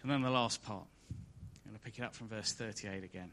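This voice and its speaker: A man's voice: lowish voice, a little fast, few pauses, fairly bright tone. A man preaching a sermon, reading scripture aloud and building each point with rising and falling emphasis. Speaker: pastor.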